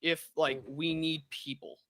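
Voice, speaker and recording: A man arguing his side in a live online debate, blunt and swearing, jumping in quickly. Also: fairly high pitch, flat delivery, sharp tone, no echo. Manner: blunt, swearing, rapid back-and-forth.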